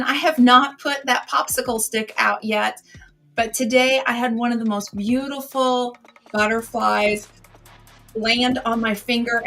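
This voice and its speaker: A woman hosts a relaxed evening livestream, greeting her viewers one by one. Her voice sits a little high and rings bright and forward. Soft music plays faintly behind her. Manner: chatty, greets viewers by name. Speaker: livestream host. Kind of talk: casual chat.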